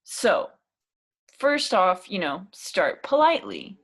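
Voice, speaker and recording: A woman's voice: mid-range voice, huge pitch swings, slow pace. Chatty woman teaching spoken English. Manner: chatty and encouraging, many fillers. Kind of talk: casual spoken lesson.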